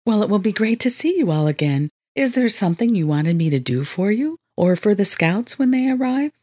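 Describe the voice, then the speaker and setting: A woman's voice: medium pitch, very animated, fairly quick, dark tone. Woman reading as a gracious young innkeeper. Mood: warm. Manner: gracious, composed.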